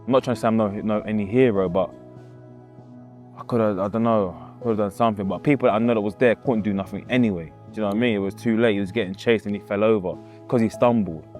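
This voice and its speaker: A man's voice: on the low side, fairly even intonation, fast, a little mellow, faint music behind. Man telling a painful story. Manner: casual, acts out quoted voices, repeats himself. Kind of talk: emotional personal storytelling.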